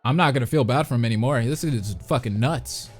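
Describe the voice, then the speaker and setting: A man giving excitable game reaction commentary, swearing often and reading on-screen text aloud. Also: medium pitch, a little fast. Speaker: reaction video host. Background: game music.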